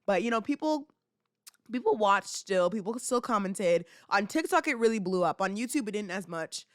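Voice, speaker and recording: A woman's voice: medium pitch, animated, normal speed, no room sound, clean studio sound. A young woman in her twenties hosting a podcast, chatting casually and rambling with fillers and laughs. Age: 20s. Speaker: podcast host. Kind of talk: casual chat.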